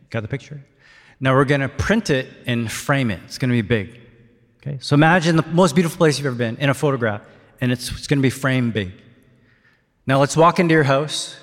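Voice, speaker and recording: A male pastor leads his congregation through a sermon, coaxing them to answer back. His voice sits at an average pitch and swings from hushed reflection to eager shouts. A long hall reverb trails each phrase. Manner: leads the congregation in call-and-response, rising to excited shouts. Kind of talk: interactive sermon. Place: church hall.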